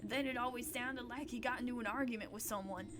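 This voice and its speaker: A woman voicing a huge, crude male bandit with rough folksy speech who breaks into wailing sobs, read aloud during a game stream. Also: a little high, fast talker, noisy background, natural voice. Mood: eager.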